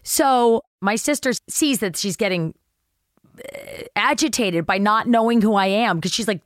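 A middle-aged woman tells a story on a podcast, jumping into the voices of everyone in it. Her pitch sits in the middle of the range, and her voice is close and dry with almost no room sound. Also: normal speed, dry recording. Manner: animated storyteller acting out quotes, swears casually. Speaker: actress guest. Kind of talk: casual anecdote telling.

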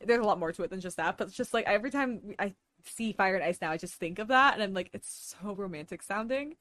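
A woman's voice: medium pitch, lively intonation, fast talker, a bit bright, no room sound. A young woman co-hosting a casual chat, reading fan fiction aloud, rambling with fillers and giggling. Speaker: podcast co-host.

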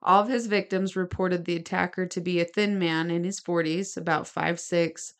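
A woman with a somewhat low voice tells a true-crime story on a casual podcast. She reads from her notes and breaks off into chatty asides. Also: fairly even intonation, normal speed. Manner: gestures while talking. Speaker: podcast co-host.

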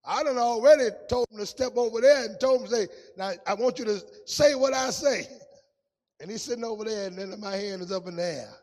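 A man preaching a testimony sermon in a sing-song style, dropping to a hush and rising to shouts. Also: high voice, a little fast, big-room sound.

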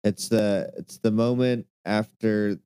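Male podcast co-host, very low, dark and smooth voice, laid-back casual talk. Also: steady tone, slow pace.

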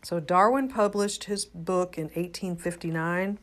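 An older woman giving an earnest, unscripted religious talk, halting with frequent restarts. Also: lowish voice. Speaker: religious commentator.

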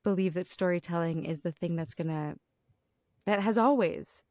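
Effusive low-voiced woman podcast host. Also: moderate pace, dark tone, no room sound, clean studio sound. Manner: effusive, enthusiastic. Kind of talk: casual interview chat.

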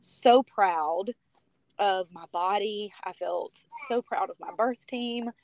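An American woman speaking as a podcast guest, telling a personal story in a chatty, heartfelt way. Her voice sits in an ordinary middle pitch, and she fills her talk with "you know" and "like". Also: slow, a little mellow, slight background noise. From United States.

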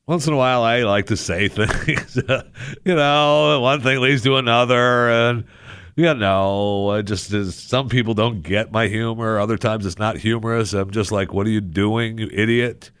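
A male radio host ranting sarcastically in a talk show monologue, with loud exasperated bursts. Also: medium pitch, measured pace, clear, resonant tone, dry recording, clean studio sound.

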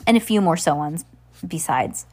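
A woman's voice: sits low, expressive, moderate pace, a little mellow. Woman reading aloud, stumbling often. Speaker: audiobook reader.

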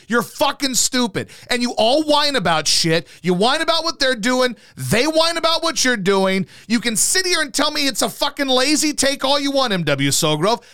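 A man's voice: very high-pitched, pushed and bright. A swearing, sarcastic man ranting. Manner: combative, sarcastic, swears constantly. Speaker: podcast co-host. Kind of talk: profane comedic rant. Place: house.

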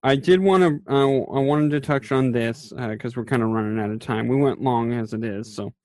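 A man's voice: mid-range voice, moderate pace, a little mellow, no echo. Chatty man with a dry, close sound. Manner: rambling, many fillers, acts out quoted lines. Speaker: podcast co-host. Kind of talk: casual chat recapping a TV episode.

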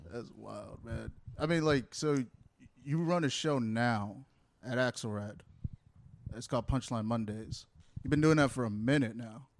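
A man's voice: mid-range voice, moderate pace, slight background noise. A man, a comedian hosting a casual chat, who tells stories loosely and laughs often.

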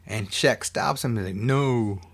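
A man's voice: mid-range voice, normal speed. A man in his thirties casually recapping a movie, rambling and swearing with joking asides. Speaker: movie reviewer.

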